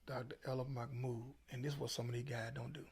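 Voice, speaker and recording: Middle-aged man, gravelly, husky voice, emphatic preachy storytelling, interview guest. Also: mid-range voice, flat delivery, quick pace, darkish tone. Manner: preachy, emphatic, Southern Black vernacular. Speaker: featured guest.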